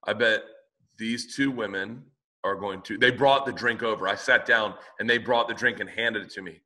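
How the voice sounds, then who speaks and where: A man's voice: lowish voice, steady tone, moderate pace, sharp tone. A male comedian co-hosting a podcast, telling blunt stories in casual chat. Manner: blunt storyteller, swears.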